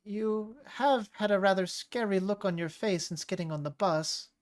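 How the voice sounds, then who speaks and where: A man's voice: high-pitched, normal speed, voice pushed up, close to an everyday voice. A man voicing a prim, condescending woman passenger a little older than the heroine.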